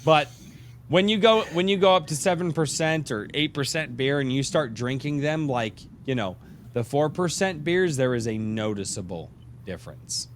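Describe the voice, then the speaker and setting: On a casual live-stream podcast, the middle-aged host jokes and rambles over a beer, sounding tired. His voice is a little high and expressive at a normal speed, with slight background noise.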